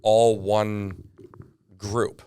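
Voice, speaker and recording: Comedian guest, Canadian man, rambling storyteller, resonant low voice. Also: drawn-out words, clear, resonant tone. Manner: animated storyteller, lots of fillers and asides. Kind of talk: casual podcast chat.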